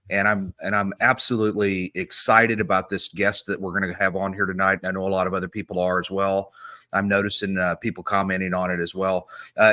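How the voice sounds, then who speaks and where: A man's voice: low voice, sharp tone, no room sound. A middle-aged man hosting a live stream, chatting in a rambling, friendly way and greeting viewers by name. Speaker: host; homicide detective. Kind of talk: casual live-stream chat.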